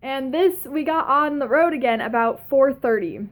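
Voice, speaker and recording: A young woman telling a story in a casual vlog, excited and gushing, with many fillers and laughs. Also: high voice, normal speed. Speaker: fan.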